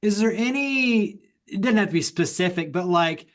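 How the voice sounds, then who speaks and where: Male podcast host, bright high register, meandering conversational questions. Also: animated, normal speed. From Texas. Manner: loose, rambling questions with fillers. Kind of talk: podcast interview.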